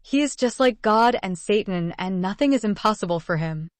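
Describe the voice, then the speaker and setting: A woman's voice: mid-range voice, animated, normal speed, dry recording, close to an everyday voice. A woman reading the lines of a spoiled, tearful teenage girl in a sweet tone within a story. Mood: pouting.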